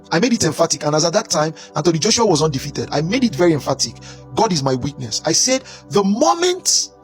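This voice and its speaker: A man giving an opinion monologue, emphatic and repeating phrases for stress. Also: on the high side. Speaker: commentator.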